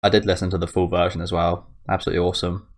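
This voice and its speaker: A man's voice: deep voice, flat delivery, very fast. A young man hosting an anime reaction video, rambling casually with lots of fillers and restarts. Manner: rambling, filler-heavy, self-correcting. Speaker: anime reaction channel host.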